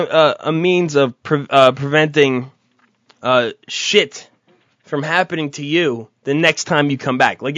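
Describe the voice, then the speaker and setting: Heated, cursing higher-voiced man. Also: a bit bright, no echo, studio quality. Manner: profane, heated, mocking. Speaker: podcast co-host. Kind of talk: casual argumentative chat.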